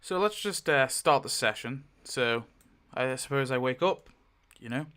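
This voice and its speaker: Man, casual solo tabletop game narrator, thinks aloud, lots of ums and restarts, bright crisp voice. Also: mid-range voice, expressive, a little slow. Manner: thinking aloud, frequent fillers and self-corrections.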